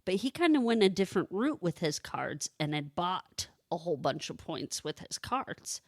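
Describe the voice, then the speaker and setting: A woman's voice: fairly low pitch, big pitch swings, moderate pace, darkish tone, no echo, clean studio sound. A woman co-hosting a podcast, telling a family story in casual chat with lots of fillers. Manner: chatty storyteller, many fillers. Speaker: podcast co-host.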